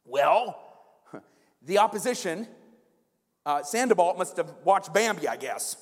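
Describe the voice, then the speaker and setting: A pastor with a high voice preaching in a conversational, joking way, often checking in with the room. His voice carries a long reverb from a large church hall. He keeps an easy back-and-forth feel. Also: animated, takes it slowly. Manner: humorous, conversational, keeps asking "right?". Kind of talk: sermon.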